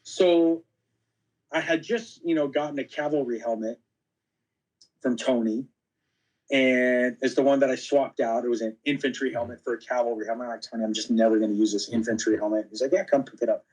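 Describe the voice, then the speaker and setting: A podcast guest with a mid-range voice tells lively anecdotes a little fast in a casual storytelling interview, acting out the dialogue and often saying fillers like "you know." The recording quality is low.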